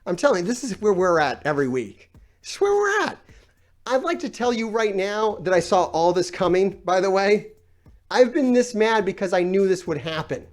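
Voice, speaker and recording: A man's voice: high-pitched, expressive, fairly quick. A man ranting on a gaming live stream, exasperated and sarcastic, swearing often while he reads out comments.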